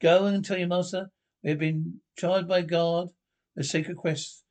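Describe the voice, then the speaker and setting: A man's voice: sits high, flat delivery, measured pace, a little mellow. A man voicing a dignified medieval king who speaks formally and gives commands. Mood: commanding.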